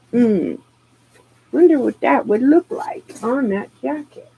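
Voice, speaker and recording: A woman streaming live, chatting casually in an excitable, rambling way and laughing easily. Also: a little high, slow, gravelly, slight background noise, rough recording.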